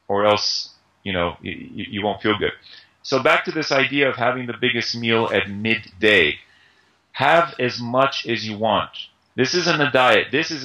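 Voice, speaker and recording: A man's voice: medium pitch, bright, forceful tone, low-quality recording. A man being interviewed as an Ayurveda instructor, explaining diet ideas conversationally with everyday analogies and frequent fillers.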